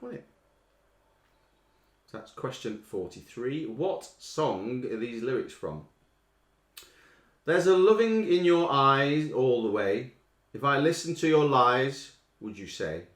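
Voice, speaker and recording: A man hosting a casual live quiz from home, reading song lyrics aloud in a playful, drawn-out way. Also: medium pitch, fairly bright tone, roomy sound. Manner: playful, reads lyrics with exaggerated drawn-out delivery. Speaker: quiz host.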